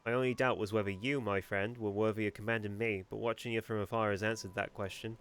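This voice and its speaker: A man's voice: on the low side, fairly even intonation, quick pace, fairly bright tone, clean tone, natural voice. A man reading the lines of a male pirate marksman from a game, with faint music behind. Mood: earnest. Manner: reading game dialogue aloud.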